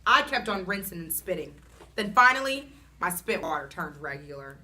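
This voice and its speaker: A woman reading a children's chapter book aloud in an expressive, animated storytelling manner. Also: fairly low pitch, normal speed.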